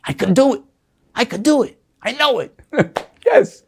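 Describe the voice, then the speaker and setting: A man's voice: extremely high pitch, animated, unhurried, creaky, breathy edge. An older blind man from the United States, an interviewee telling his life story with feeling, acting out the voices of people he remembers. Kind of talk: emotional storytelling.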